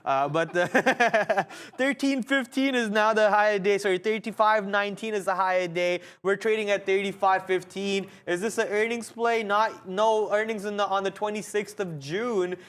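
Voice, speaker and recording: A man with a high, light voice talks traders through the market on a live show. His delivery is brisk and chatty, full of restarts and repeated words. He sounds like he is on a trading floor studio set. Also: fairly even intonation, a bit bright, clear, resonant tone. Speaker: day trading show host.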